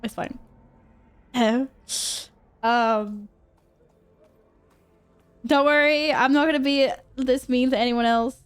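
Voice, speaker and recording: A young woman chatting casually on a game stream, joking and rambling with quick self-corrections. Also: sits high, fairly even intonation, clear, resonant tone. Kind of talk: casual live-stream chat while gaming.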